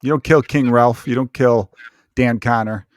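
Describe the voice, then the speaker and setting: A man hosting a podcast and chatting casually with a guest, tossing in quick joking asides. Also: medium pitch, fairly even intonation, no room sound, clean studio sound. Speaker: podcast host.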